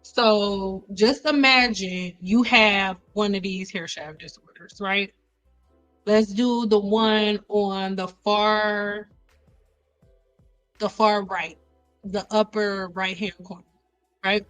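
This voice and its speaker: A woman hosting a hair care live stream, joking around in a playful, animated way and repeating lines for effect. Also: mid-range voice, slow, pauses often, soft background music, poor audio.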